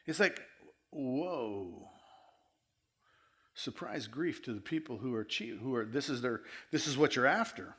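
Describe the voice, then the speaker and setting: A pastor in the middle of a sermon, talking to his flock in an easy, conversational way. His voice sits a little high for a man. He circles back on phrases, now loud and pressing, now low and quiet. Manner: conversational, repeats himself, wide swings in loudness.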